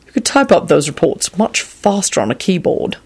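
A woman's voice: lowish voice, sing-song, moderate pace, a little mellow, breathy edge, exaggerated voice. A woman doing a pushy, nosy man. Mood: curious. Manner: demanding, pushy. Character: nosy, hot-tempered man, smirking.

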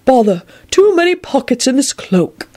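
A woman voicing a kindly, absent-minded old wizard who talks slowly and rambles mildly. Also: sits high, very animated, warm tone, pitched above the performer's own voice. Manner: slow, rambling, mild.

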